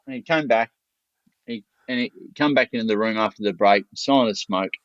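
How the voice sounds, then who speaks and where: A man's voice: lowish voice, fairly quick, no echo. Blunt Australian man telling a story. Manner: blunt, salty, loose and chatty. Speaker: podcast guest. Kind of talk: casual storytelling. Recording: dull lo-fi dry recording.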